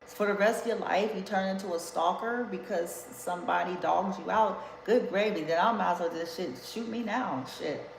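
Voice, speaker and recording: A woman's voice: lowish voice, normal speed, creaky, hardly any pauses. A woman giving a casual tarot reading, talking bluntly and emphatically and swearing freely. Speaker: tarot reader. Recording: echoey room with background noise.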